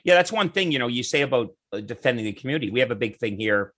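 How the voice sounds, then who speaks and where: A man's voice: mid-range voice, rapid-fire. A man chatting as a podcast guest, telling anecdotes and acting out the people in them. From Canada. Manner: animated, acts out quoted voices in anecdotes. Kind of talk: casual storytelling chat.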